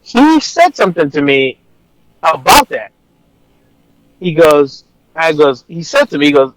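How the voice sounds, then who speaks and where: A man's voice: a little high, very animated, a little slow, long pauses, fairly bright tone, dry recording, rough recording. A man, an officer, telling a personal story in a casual, rambling way, blunt and swearing at times. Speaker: officer guest.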